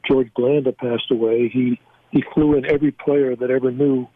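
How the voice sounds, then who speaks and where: A man's voice: mid-range voice, fairly even intonation, moderate pace, no echo. An older man, a former team scout, telling stories as a guest with many fillers and restarts, laughing at his own anecdotes. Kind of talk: storytelling in a casual interview. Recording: tinny phone line, dry.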